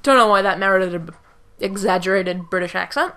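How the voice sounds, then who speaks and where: Bright-voiced woman narrating a game. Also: medium pitch, a little fast, clean tone. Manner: chatty, reads game lines in put-on voices. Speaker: let's play commentator. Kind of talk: casual game commentary with dialogue read aloud.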